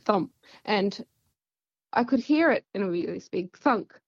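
Gravelly Australian woman telling a story. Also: medium pitch, animated, moderate pace, no room sound, highs cut off. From central west Queensland, Australia. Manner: rambling, chatty retelling full of "like" fillers. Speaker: guest. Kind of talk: casual storytelling interview.

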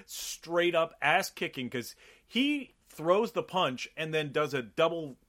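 Male podcast co-host, slightly high, very lively intonation; profane, joking banter. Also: takes it slowly. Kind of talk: casual movie chat.

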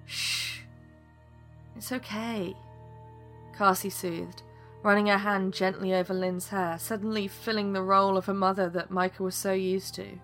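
A woman's voice: medium pitch, flat delivery, moderate pace, fairly bright tone, faint music behind. A woman reading a fantasy story aloud, voicing every character in her own voice. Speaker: narrator.

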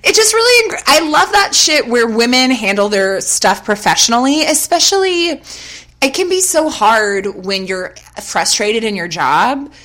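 A woman in her late twenties or thirties co-hosts a casual podcast with a bright, forceful voice. She talks in a chatty, animated way, swears freely and slips into little acted-out quotes. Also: a little high, measured pace. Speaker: podcast co-host.

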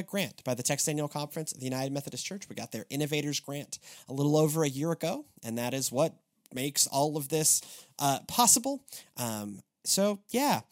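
A man hosting a church podcast in casual chat, rambling with restarts and animated asides. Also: fairly high pitch. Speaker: podcast host.

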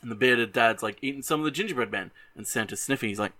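A young adult man hosting a show who casually retells a movie in animated bursts. He swears freely and often restarts his sentences. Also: mid-range voice, fast talker. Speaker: host.

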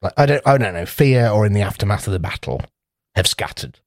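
A man co-hosting a casual podcast, rambling through a playful movie pitch and slipping into quick character voices. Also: lively intonation, no room sound, clean studio sound. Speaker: podcast co-host. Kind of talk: casual chat.

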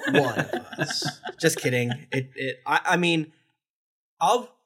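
A man's voice: fairly high pitch, animated, slow, noisy background. A man hosting a casual podcast chat over a video call, joking and eagerly plugging channels. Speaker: podcast host.

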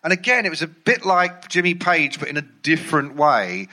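A man's voice: a little high, sing-song, normal speed, pushed and bright. A man, a music journalist and ghostwriter, telling rambling, amused anecdotes. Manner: rambling, amused, many fillers and restarts. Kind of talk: anecdotal storytelling.

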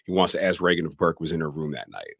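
A man's voice: very deep voice, expressive, quick pace, creaky, fairly bright tone, slightly rough, dry recording, clean studio sound. A man co-hosting a podcast, recapping a horror film scene by scene in a casual way. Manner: retells scenes plainly, acts out quoted lines. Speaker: podcast co-host.

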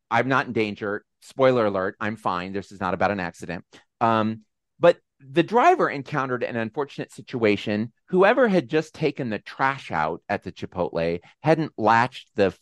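A man hosting a video call with supporters, telling a personal story in a casual, animated, self-deprecating way. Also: fairly low pitch, no echo, studio quality. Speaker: host. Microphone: video call mic.

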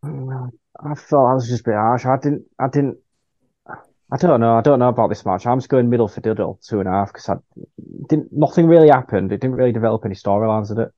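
A man co-hosting a podcast, giving measured, opinionated takes in casual chat. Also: medium pitch, warm tone, dry recording. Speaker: podcast co-host. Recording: dull lo-fi mic.

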